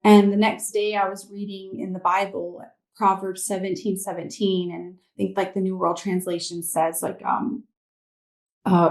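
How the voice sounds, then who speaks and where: A woman tells her own story to an interviewer in a candid, meandering way, leaning on fillers as she goes. Her voice sits at an ordinary middle pitch, and the room around her adds a noticeable echo. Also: flat delivery, normal speed. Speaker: interview guest. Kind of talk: personal testimony in conversation.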